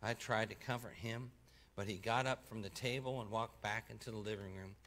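A man preaching, telling a testimony in the first person and voicing the people in it, going quiet for the sad parts. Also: lowish voice, fairly quick, a little hiss or hum. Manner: voices the people in the story, dropping soft for sad parts and lifting for excited ones. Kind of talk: sermon storytelling, reading a testimony aloud.

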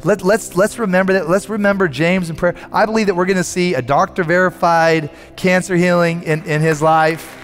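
A man's voice: high voice, steady tone, moderate pace, few pauses, some chatter behind. A man preaching a sermon as a pastor, telling a story earnestly and often repeating words as he builds up. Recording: long hall reverb with faint music.

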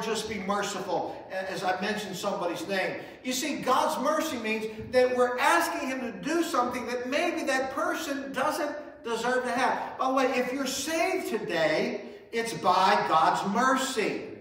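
A man's voice: high voice, a bit bright, very echoey, distant mic, rough recording. A man preaching a sermon as pastor, his emphasis rising and falling. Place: church sanctuary.

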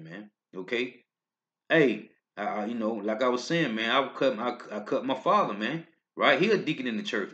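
Sharp in tone and medium in pitch, a street preacher reads scripture in a sermon video. He preaches in emphatic bursts that rise and fall, finishing lines with "man, okay?" The sound is dull and lo-fi.

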